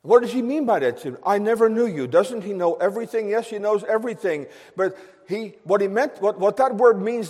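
A man's voice: sits high, darkish tone, big-room sound. A man preaching a sermon to his congregation in an earnest, emphatic way, repeating key phrases for weight. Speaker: pastor.

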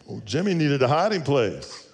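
A male pastor delivering an earnest sermon at a middle pitch, telling stories and posing rhetorical questions. His voice carries through a church sanctuary. A long reverb follows each phrase. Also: big pitch swings, normal speed, gravelly, a little mellow.

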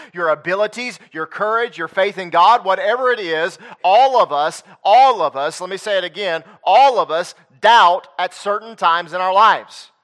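A man preaching a sermon to his congregation, swinging between loud emphatic peaks and quiet low asides, and reading scripture aloud in old-fashioned wording. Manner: reads scripture aloud in King James wording.

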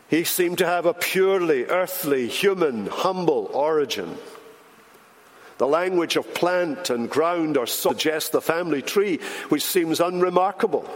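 A man preaching a sermon as pastor, emphatic, slowing down and dropping his voice for weight. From Britain. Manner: emphatic, with dramatic slowdowns and drops in pitch. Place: large church sanctuary. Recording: church hall reverb.

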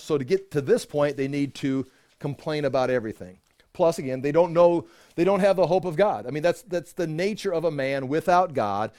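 Man, slightly high voice, casual Bible-study teacher, rambling and chuckling, dry close sound. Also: dry recording. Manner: conversational, with frequent restarts and chuckles. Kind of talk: informal Bible teaching to a small group.

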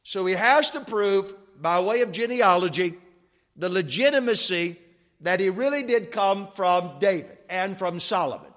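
High-voiced man teaching in a hall. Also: expressive, a little slow, a bit bright. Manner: explanatory, repeats key points, quizzes listeners. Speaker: Bible teacher. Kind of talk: classroom Bible teaching. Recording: long reverb of a hall.

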